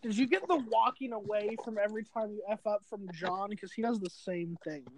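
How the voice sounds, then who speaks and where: A young man in a casual chat with friends, chiming in with questions and his own quick story. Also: high voice, heavy background noise.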